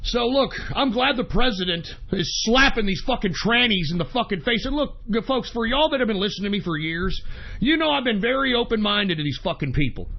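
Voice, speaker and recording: High-voiced man ranting on radio. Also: animated, brisk, muffled recording. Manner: angry, profane ranting. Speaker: radio show host. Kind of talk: political talk radio rant.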